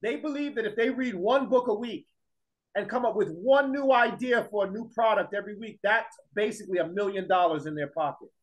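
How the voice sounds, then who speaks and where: A man's voice: sits high, fairly quick, poor audio. A man teaching a class in a classroom lecture, emphatic, repeating his points and firing rhetorical questions at the students.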